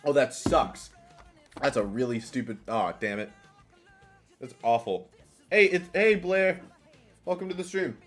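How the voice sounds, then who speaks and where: Streaming a party game over faint background music, a man with an animated, medium-pitched voice speaks unhurriedly, leaving long pauses. He rambles casually, pokes fun at himself, and frequently starts his sentences over.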